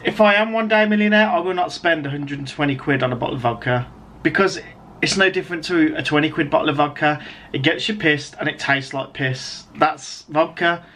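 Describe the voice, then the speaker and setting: A man's voice: a little high, fairly quick, bright, forceful tone, a little hiss or hum. An English man in his thirties, a writer, ranting in a video commentary in an exasperated, sarcastic, rambling way. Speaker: writer vlogger.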